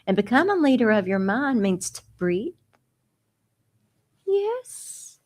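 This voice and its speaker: A woman's voice: medium pitch, big pitch swings, moderate pace. A woman hosting a children's radio show as a dog trainer, speaking in a soothing, coaxing way, like a teacher talking to kids.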